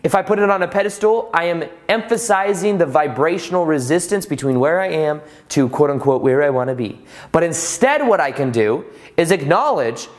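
A man with a slightly raised speaking pitch talks in an easygoing, conversational way. He tells his story with rhetorical questions and loose restarts, like a podcast host chatting with his listeners. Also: normal speed. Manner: relaxed, repeats himself and restarts often. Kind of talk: casual motivational talk.

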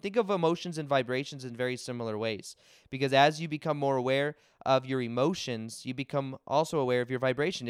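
A young man hosting a podcast, telling a personal spiritual story in an energetic, casual way with many fillers and restarts. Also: mid-range voice, clear, resonant tone, no room sound, studio quality. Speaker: podcast host. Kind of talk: personal spiritual talk to listeners.

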